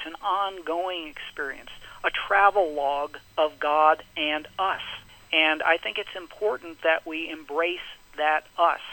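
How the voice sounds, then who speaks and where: A middle-aged man, a pastor and spiritual director, answering as a radio interview guest in an earnest, measured way with preacherly emphasis. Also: fairly high pitch, bright, forceful tone, low-quality recording.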